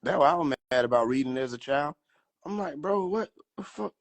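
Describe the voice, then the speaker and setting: A man's voice: on the high side, animated, a little fast. A man riffing in a casual livestream, profane, slangy and laughing often. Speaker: livestream host.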